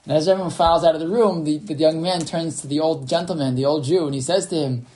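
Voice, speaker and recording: A man's voice: on the high side, steady tone, quick pace, darkish tone. A man teaching a Torah class over a video call, telling a story and reading sources, with many fillers and restarts. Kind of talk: online class lecture.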